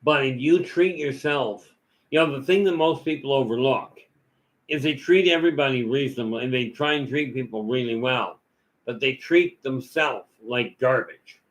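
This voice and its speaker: A man's voice: medium pitch, moderate pace, rough recording. A man giving a rambling, folksy talk full of stories and asides as a vlog host. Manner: folksy, storytelling, many "you know" fillers.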